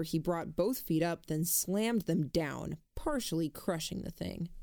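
A woman narrating a first-person story in a measured, introspective way. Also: on the low side, a little mellow, no echo, studio quality. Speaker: audiobook narrator.

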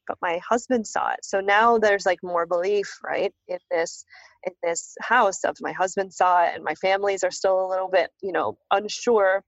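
A woman's voice: mid-range voice, moderate pace, dry recording. A woman guest telling a story in casual conversation, acting out the voices of the people she quotes. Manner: animated, acts out quoted voices. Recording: dull lo-fi dry recording.

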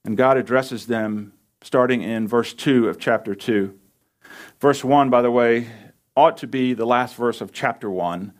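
A man preaching a conversational Bible sermon, emphatic, with animated asides to the congregation. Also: mid-range voice, measured pace. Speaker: pastor.

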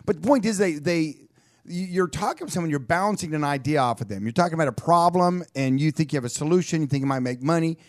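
A man talks on a business radio show with a fairly high voice. He is animated, often restarts his sentences and acts out little quoted lines. The studio sound is dry and close. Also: quick pace, dry recording. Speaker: radio co-host. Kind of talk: casual radio chat.

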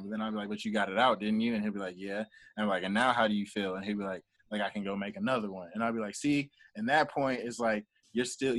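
A man's voice: lowish voice, dry recording. A young man, a manager and entrepreneur, talking casually in an interview and acting out quoted dialogue as he tells his stories. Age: young adult. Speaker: guest, entrepreneur and artist manager.

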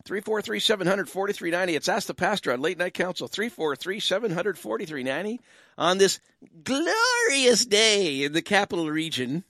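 A Canadian man hosting a late-night call-in radio show and chatting away as a pastor. His pitch leaps up and down as he jokes and rambles through asides. The studio sound is dry and close to the mic. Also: big pitch swings, a little fast, pushed and bright, no echo.

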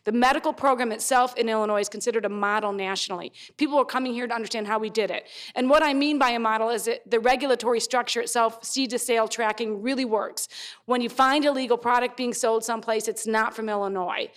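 Brief: woman panelist, higher pitch, confident and explanatory, a few restarts. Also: fairly even intonation, quick pace. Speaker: state legislator on a panel. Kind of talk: explanatory policy talk at a live taping.

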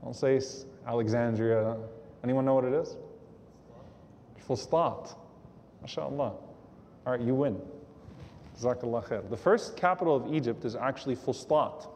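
A man giving a sermon to a live audience, animated, acting out the quotes in his stories and quizzing the crowd. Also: medium pitch, moderate pace, pauses often, a little hiss or hum. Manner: animated, acts out quotes, asks the audience questions. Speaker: preacher. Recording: long hall reverb.

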